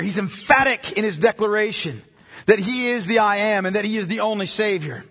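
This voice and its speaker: A male pastor delivering a sermon with a high, bright, slightly breathy voice. He is emphatic, slowing deliberately when reading scripture aloud. The sound carries a long reverb from a large church hall. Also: animated.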